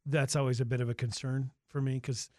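A man hosting a radio talk show, chatting with a studio guest in a halting, filler-heavy way. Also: medium pitch, level tone, darkish tone, dry recording. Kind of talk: casual radio interview. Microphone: studio microphone.

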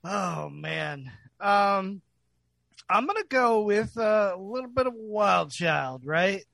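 A man's voice: high-pitched, lively intonation, takes it slowly, creaky, fairly bright tone, dry recording. A man co-hosting a podcast, chatting casually and enthusiastically, swearing and laughing often. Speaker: podcast co-host.

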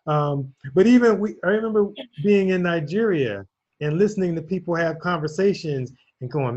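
A man speaks in a relaxed, reflective way and tells stories with easy laughter. The audio is dull and muffled, like a lo-fi recording. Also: high voice, normal speed. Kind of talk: casual conversation.

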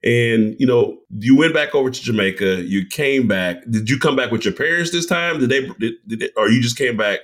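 A male podcast host with a lively voice that swings widely up and down in pitch. He jumps in with quick reactions and playful teasing. His pitch sits at an ordinary male level. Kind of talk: casual interview.

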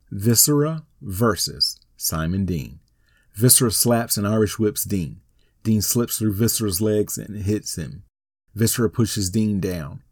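A man with a low, warm, mellow voice reads a wrestling recap aloud in a flat, matter-of-fact way. The sound is dry and close, with no room around it. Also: no echo. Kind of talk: reading a written recap.

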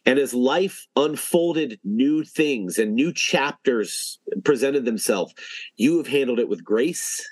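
A man hosting a casual podcast chat, speaking earnestly and often repeating himself to drive a point home. His voice sits at an ordinary middle pitch. It is recorded close and dry, with no room sound. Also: expressive, slow, breathy edge, dry recording, rough recording. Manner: earnest, repeats phrases for emphasis. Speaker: podcast host.

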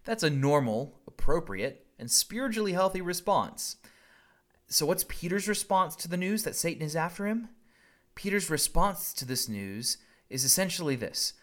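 A man's voice: fairly high pitch, lively intonation, normal speed, fairly bright tone. A man from the US South preaching a sermon in a conversational, wry and blunt manner. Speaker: pastor. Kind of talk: recorded sermon.

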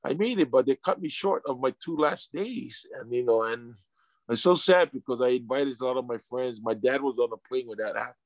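A man's voice: mid-range voice, fairly quick, no room sound. A man, a retired athlete being interviewed, telling his story with emotion and stumbling over repeated words. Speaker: interview guest, retired sumo wrestler.

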